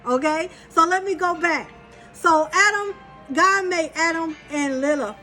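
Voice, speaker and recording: A woman talking casually and bluntly to her viewers as a spiritual vlogger, animated and often profane. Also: very high-pitched, measured pace, soft background music.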